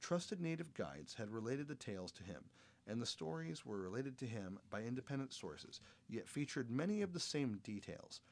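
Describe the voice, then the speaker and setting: A man's voice: mid-range voice, big pitch swings, moderate pace, vocal fry. A man hosting a podcast, reading research notes aloud and chatting, with frequent stumbles and self-corrections. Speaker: podcast host.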